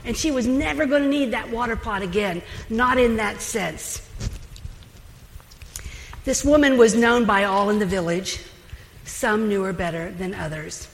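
A woman's voice: a little high, unhurried, long pauses. Chatty woman preaching in an echoing hall. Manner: chatty, animated, with asides and laughter. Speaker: Bible teacher. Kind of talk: conversational sermon. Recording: long hall reverb.

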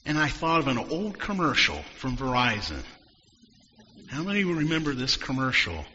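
Bright-voiced man preaching in a hall. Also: mid-range voice, big pitch swings, moderate pace, a little hiss or hum. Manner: reflective storytelling, dropping to near-whispers. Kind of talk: sermon. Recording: dull sound in a long-reverb hall.

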